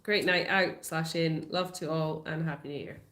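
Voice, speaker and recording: A woman's voice: low-pitched, steady tone, moderate pace, a bit bright. A woman co-hosting a live animal sanctuary stream, teasing her co-host and reading out viewer comments. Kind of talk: playful live-stream chat. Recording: echoey room.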